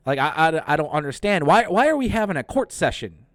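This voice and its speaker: A man casually recapping a movie plot, animated and incredulous, swearing often and acting out characters' lines. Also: fairly high pitch, fairly quick, dry recording, studio quality. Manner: animated, profane, incredulous retelling with quoted lines. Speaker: movie reviewer.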